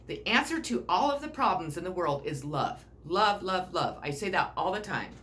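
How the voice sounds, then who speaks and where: A woman's voice: fairly low pitch, big pitch swings, moderate pace, fairly bright tone. A middle-aged woman giving a casual self-help talk, blunt and rambling, swearing freely. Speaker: personal growth speaker.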